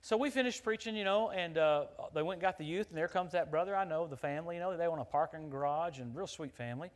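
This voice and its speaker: A middle-aged man preaching, his voice sitting a little high for a man. He moves from booming, emphatic declarations to low, confiding storytelling, and he chuckles easily between points. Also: quick pace. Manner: animated, laughs at his own stories. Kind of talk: sermon.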